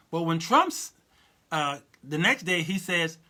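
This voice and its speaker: Man, fifties, talk show host, high-pitched, very bright, animated and laughing, addresses viewers. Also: normal speed. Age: 50s. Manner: reads and answers live chat comments. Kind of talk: casual commentary monologue.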